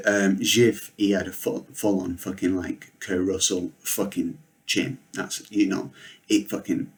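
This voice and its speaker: A man in his thirties tells comic stories in a deadpan, rambling manner. He swears freely and wanders off on tangents. His voice sits on the low side. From Northwest England. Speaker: comedian. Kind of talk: comedic storytelling monologue.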